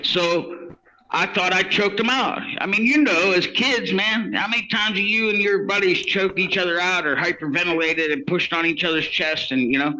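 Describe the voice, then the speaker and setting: A man's voice: high voice, normal speed, sharp tone, lo-fi sound. A man telling his own story in casual, rambling speech, acting out what others said. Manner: rambling, many restarts and quoted dialogue. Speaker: interviewee telling his case.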